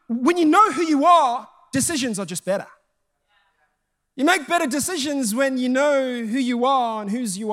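A man preaching a sermon, telling jokey stories and acting out the dialogue in them. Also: very high voice. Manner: animated storytelling, acting out quoted dialogue; jokey and self-mocking.

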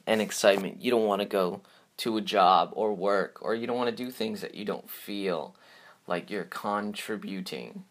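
A man's voice: lowish voice, fairly bright tone. A man hosting his own podcast, talking alone in a casual, upbeat and rambling way, full of fillers and restarts. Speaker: podcast host. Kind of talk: casual solo podcast outro.

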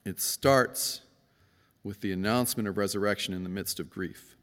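A man's voice: normal speed, fairly bright tone. Man preaching in a reverberant church. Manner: conversational, acts out quoted voices, emphatic swings in pitch. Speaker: pastor. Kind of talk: sermon. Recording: long reverb of a church hall.

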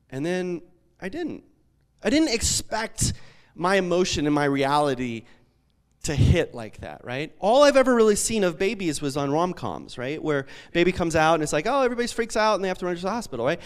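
Pastor guy giving a sermon, high lively voice, chatty and self-deprecating, lots of "right?". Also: fairly quick. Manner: storytelling, animated, self-deprecating, many fillers.

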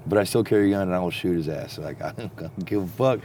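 A man telling a long story in a profane, rambling, casual way that turns animated when he gets excited. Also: low-pitched, fast, slight background noise. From Texas.

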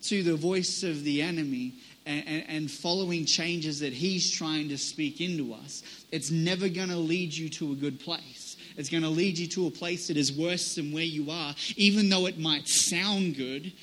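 A man's voice: a little high, normal speed, few pauses, a bit bright, a little hiss or hum, rough recording. A male pastor preaching a casual, conversational sermon, often restarting phrases and checking in with "right?".

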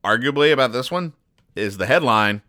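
A man's voice: medium pitch, expressive, moderate pace, bright, forceful tone, no echo. A man hosting a comedy podcast, recapping newspaper comics in a dry, rambling way and correcting himself as he goes. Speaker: podcast host reading comics.

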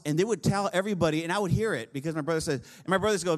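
High-voiced pastor telling a story. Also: male voice, very fast, few pauses. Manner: conversational storytelling, repeats and restarts phrases; humorous asides to the congregation. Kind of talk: sermon.

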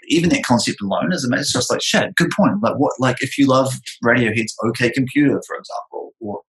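A young man in casual chat, rambling and animated, with many filler words. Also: mid-range voice, rough recording. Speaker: photographer and former music producer.

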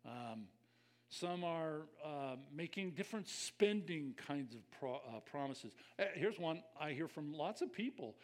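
A man's voice: fairly high pitch, animated, a little slow. An older man preaching a conversational sermon as a pastor, reflective and personal, speaking straight to his listeners.

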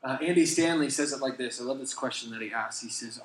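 A man's voice: medium pitch, fast talker, hardly any pauses, echoey room, a little hiss or hum, rough recording. A young adult man, a pastor, telling a funny story in a sermon, acting out quotes and laughing as he goes.

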